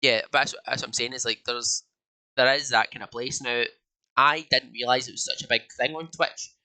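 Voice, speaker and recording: A man's voice: mid-range voice, steady tone, normal speed, sharp tone, rough recording. A young Scottish man co-hosting a casual podcast, rambling with many fillers and restarts. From Scotland. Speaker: podcast co-host. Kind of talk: casual chat.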